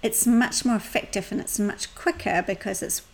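A woman's voice: mid-range voice, moderate pace, vocal fry. A middle-aged woman co-hosting a podcast, telling stories in a chatty way and laughing often. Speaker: podcast co-host and salon business coach. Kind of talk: casual podcast chat.

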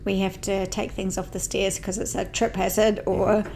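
A woman's voice: mid-range voice, little pitch movement, moderate pace, a little mellow, a little hiss or hum. A woman co-hosting a podcast in casual chat. She is chatty and self-mocking, and she laughs often while in neck and shoulder pain. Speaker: podcast co-host.

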